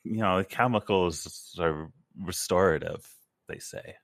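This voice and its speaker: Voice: low voice, a little slow, no echo, clean studio sound. A podcast co-host chatting casually and joking, with a lot of fillers and hesitations. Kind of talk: casual chat.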